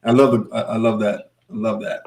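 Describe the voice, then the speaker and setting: A man's voice: lowish voice, level tone, fairly quick, darkish tone. A male podcast host talks in an easygoing, conversational way. He keeps backing up his guest's points, repeating his approval as he builds on them. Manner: agreeable, affirming. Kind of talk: casual podcast chat.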